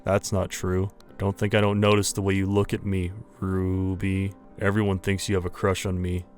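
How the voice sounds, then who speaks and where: A man voicing a menacing, soft-spoken young male villain in a horror game, slow and taunting. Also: low-pitched, monotone, soft background music, pitched below the performer's own voice, close to an everyday voice.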